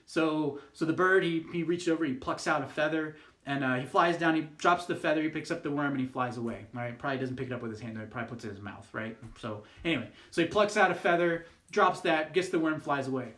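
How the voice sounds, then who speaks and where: A man's voice: on the high side, fast, a bit bright, echoey room. A man, a youth pastor, telling a fable in a casual, rambling way, with lots of fillers and restarts. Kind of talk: youth group devotional talk.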